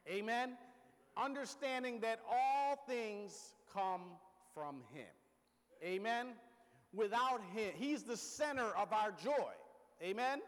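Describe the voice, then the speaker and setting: A man preaching a sermon. He punctuates his lines with "Amen?", speeds through everyday examples and slows on key phrases, dropping low at the ends. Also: animated, big-room sound.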